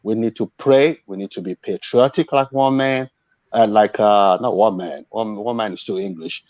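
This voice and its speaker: Impassioned Nigerian host on a dull dry line. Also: male voice, fairly low pitch, normal speed, darkish tone, no echo. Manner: impassioned, preachy. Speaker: show host. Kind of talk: emotional live show talk.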